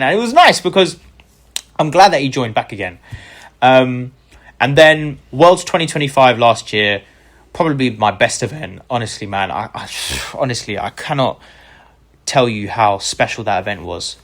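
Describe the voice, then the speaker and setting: A man's voice: medium pitch, moderate pace. Eager man telling his story. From United Kingdom. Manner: enthusiastic, grateful, acts out quoted people in lively voices. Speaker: guest content creator. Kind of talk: casual interview storytelling.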